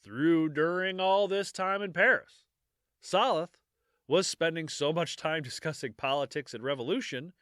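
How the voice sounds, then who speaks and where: A man's voice: fairly high pitch, moderate pace, fairly bright tone, no room sound, studio quality. A man hosting a history podcast, reading from notes and breaking off for jokey asides with frequent laughter, maybe. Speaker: podcast host.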